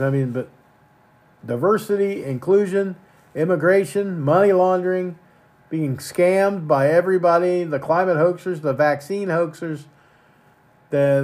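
A fairly high-voiced man rants angrily into his podcast mic, crude and profane. He often repeats words as he pushes ahead, sounding heated and indignant. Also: darkish tone. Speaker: podcast host. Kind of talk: profane ranting monologue.

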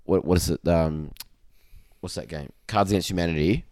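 A young man co-hosting a casual podcast, laid-back and quick to laugh, calling his friend bro. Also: low voice, a little mellow, dry recording. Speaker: podcast co-host. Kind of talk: casual chat.

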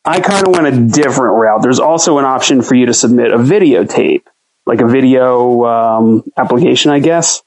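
Young man, casual storyteller, profane, rambling, mid-pitched voice. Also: moderate pace, rough recording. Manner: profane, rambling, animated quoting. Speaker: interview guest, home cook.

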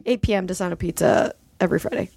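A woman's voice: lowish voice, fast, vocal fry, dark tone, husky. A woman co-hosting a comedy podcast, chatting casually and enthusiastically and swearing freely. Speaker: comedian co-host.

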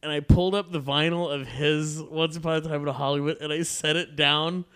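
Male storyteller with a somewhat high voice. Casual, foul-mouthed, laughing anecdote for a friends' chat show. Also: steady tone, brisk, a bit bright, clean tone.

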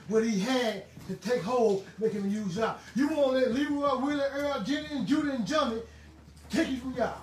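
A man preaching a sermon in a fervent, emphatic way, now and then bursting into shouts. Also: very high voice. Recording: roomy, distant mic, faint ambient noise.

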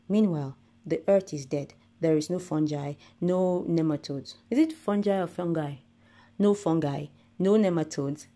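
A woman hosting a podcast, delivering an earnest scripted monologue in deliberate, listing phrases. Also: sits low, warm tone. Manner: earnest, deliberate, rhetorical lists. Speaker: podcast host.

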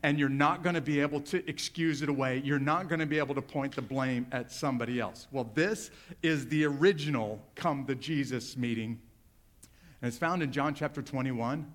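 A male pastor preaching a sermon, talking directly and conversationally to his congregation. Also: mid-range voice.

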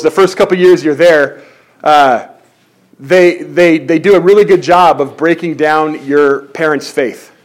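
A man preaching a sermon as pastor, conversational and animated, often restarting his sentences. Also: high-pitched.

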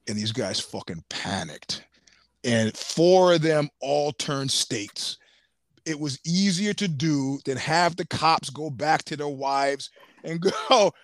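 A man as a podcast guest, telling stories in casual chat, animated, laughing often and swearing freely. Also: mid-range voice, slow pace, dry recording, clean studio sound.

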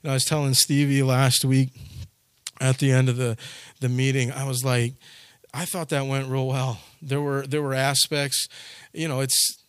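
A man preaching a sermon to his congregation, telling stories and acting out the scenes with sudden loud shouts. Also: mid-range voice, little pitch movement, moderate pace, clean tone, no echo, studio quality. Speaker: pastor.

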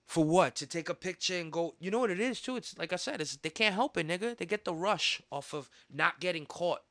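Heated high-voiced New podcast host. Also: male voice, animated, fairly quick, no echo. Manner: heated, profane, repetitive ranting with sudden loud outbursts. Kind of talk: casual podcast rant.

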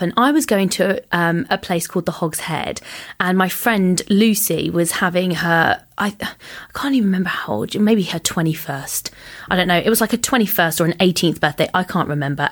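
A woman chatting as a guest, telling a story and acting out the dialogue with lots of "like". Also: on the low side. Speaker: podcast guest. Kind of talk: casual anecdote telling.

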